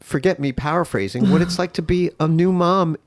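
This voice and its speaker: A man's voice: a little high, brisk, no echo. A man from New York hosting a podcast, talking in an earnest, heartfelt, rambling way. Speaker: podcast host. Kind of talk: casual interview chat.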